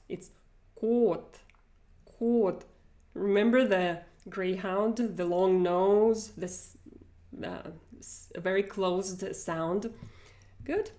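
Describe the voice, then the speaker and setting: Woman teacher, measured slow delivery, demonstrates sounds for repetition. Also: mid-range voice, darkish tone. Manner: demonstrates sounds, repeats and exaggerates them. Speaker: Russian pronunciation teacher. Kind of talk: online pronunciation lesson.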